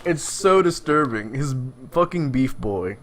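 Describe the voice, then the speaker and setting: A man's voice: medium pitch, a little slow. A man co-hosting a casual podcast, telling stories and acting out quoted lines with bursts of laughter. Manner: animated storyteller, acts out quotes, laughs a lot. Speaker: podcast co-host. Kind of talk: casual chat.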